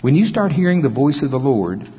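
A middle-aged male pastor preaching a sermon, folksy and storytelling, with chuckles and hushed dramatic pauses. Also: medium pitch, big pitch swings, breathy edge. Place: large auditorium. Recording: dull, long-reverb hall sound.

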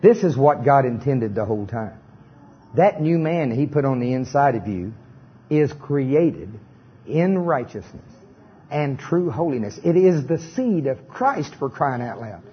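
Leading the congregation in repetition, this middle-aged preacher is lively and slips in jokes along the way. His voice is mid-range and measured with a breathy edge, and the recording's highs are cut off.

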